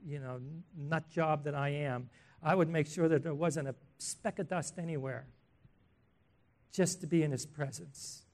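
A man preaching a sermon in an earnest, emphatic way, asking the listeners questions and swelling in loudness on key words. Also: a little high, steady tone, measured pace.

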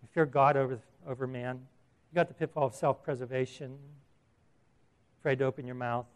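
A man's voice: medium pitch, steady tone, brisk, smooth. A middle-aged man preaching a sermon as a pastor, earnest and emphatic, asking his listeners questions.

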